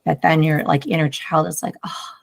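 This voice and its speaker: A woman speaking as a guest in a relaxed, rambling conversation. Her voice is fairly low with a gravelly, fry-laden texture. She talks reflectively and fills her sentences with "like". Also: a little fast. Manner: rambling, heavy use of "like", reflective. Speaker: podcast guest, mother. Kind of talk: casual conversation.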